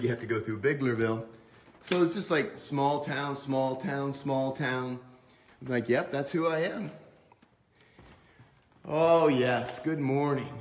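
A man who is a pastor, walking and chatting in a casual vlog, joking and mocking himself, first outside on the church grounds and then inside a sanctuary, talking into a handheld camera. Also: medium pitch. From small-town Pennsylvania, USA. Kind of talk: casual vlog walk-and-talk.

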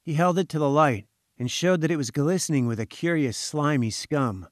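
A man reading an audiobook, narrating a first-person story in a measured, even way. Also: on the high side, no room sound, clean studio sound. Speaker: audiobook reader.

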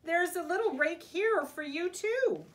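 A woman's voice: on the high side, huge pitch swings, a little slow. A woman reading aloud as a hardworking, grumbling male mouse gardener in a storybook. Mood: calling. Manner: grumbling, weary.

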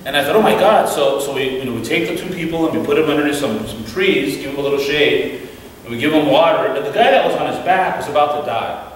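Man, guest speaker at a church, quick animated storytelling, distant mic, long hall reverb. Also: a little high, a little hiss or hum. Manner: fast, animated, acts out the voices in his stories. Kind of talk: storytelling talk. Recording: echoey hall from far off, faint ambience.

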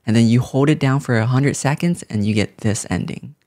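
A young man doing lively game commentary, laughing often and jumping high in pitch when excited. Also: brisk. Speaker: gaming YouTuber.

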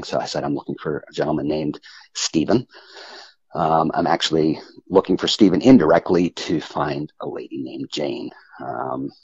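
A man calling in to a podcast, telling his personal story in a halting, earnest way with frequent restarts. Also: extremely low pitch, creaky, husky, dry recording, muffled recording. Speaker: guest caller. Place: home phone call.

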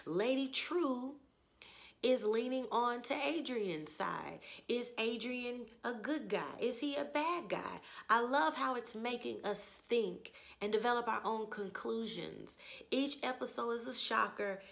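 Woman host with a strained, hoarse voice and a raspy fry, chatty and opinionated, fond of rhetorical questions. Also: a little high, expressive, a little slow, a bit bright. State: hoarse, lost her voice. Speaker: TV review channel host. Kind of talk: casual spoken TV episode review.

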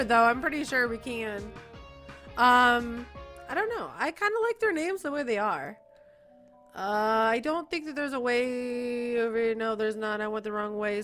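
A young woman giving excited let's-play commentary, giggling often and jumping from loud squeals to quiet mumbles. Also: on the high side. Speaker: gaming YouTuber.

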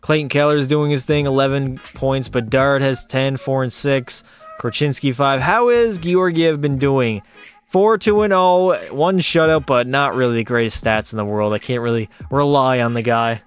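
Here a man does live commentary on a hockey video game, reacting to plays with excitement and talking to his chat. He speaks at normal speed in a clear, resonant mid-range voice over faint music.

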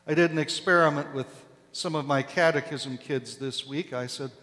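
A man preaching a sermon as pastor, slow and deliberate, leaning hard on key words. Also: a little high, a bit bright. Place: large church sanctuary. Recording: long echo of a church hall.

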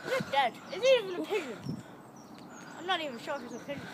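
Young woman with a very high, giggly voice. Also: big pitch swings, fast talker, background noise. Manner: giggly, silly, swears a lot. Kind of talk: casual joking chat on a walk.

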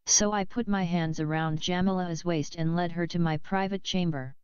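A woman reading a novel aloud in a measured, steady way, close to the mic, on a slightly dull lo-fi recording. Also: fairly low pitch, smooth, dry recording. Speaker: audiobook reader.

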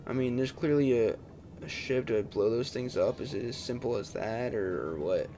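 A man's voice: medium pitch, normal speed, noisy background. A young man hosting a let's-play, muttering, exclaiming and swearing at the game as he plays, with faint game music behind him. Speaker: gaming channel host. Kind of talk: casual let's-play commentary.

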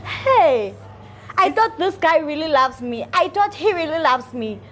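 High, slow-talking woman. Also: very animated. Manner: pleading, emotional. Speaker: restaurant customer. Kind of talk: scripted skit acting. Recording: noisy background.

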